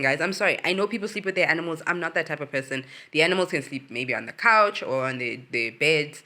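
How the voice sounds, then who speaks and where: Bright-voiced, animated woman ranting casually. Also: quick pace, few pauses. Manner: animated, swears freely, rants with big swings in pitch. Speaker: host. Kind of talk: casual reality-show recap.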